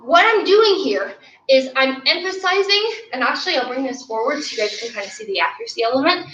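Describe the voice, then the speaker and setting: A high-voiced woman leads a martial arts class, coaching and counting out each rep. She is heard on a camera mic from across a roomy space, with a dull, lo-fi sound. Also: expressive, fairly quick, a bit bright, recorded from a distance, a little hiss or hum. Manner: upbeat, coaching, counts reps aloud. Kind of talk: online class instruction. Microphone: camera mic from a distance.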